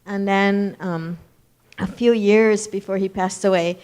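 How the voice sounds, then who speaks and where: A woman in the audience sharing a short family story in a quick, eager way. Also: medium pitch, fairly even intonation, darkish tone, clear, resonant tone. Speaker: audience member. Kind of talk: casual anecdote.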